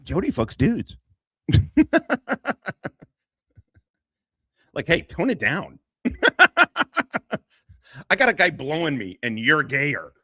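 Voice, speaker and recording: Rambling, foul-mouthed male streamer reacting to clips, bright, edgy voice recorded close and dry, laughs a lot as he talks. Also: a little high, big pitch swings, normal speed, hardly any pauses, no room sound. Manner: rambling, crude, laughing often. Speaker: commentary streamer. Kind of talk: profane reaction commentary.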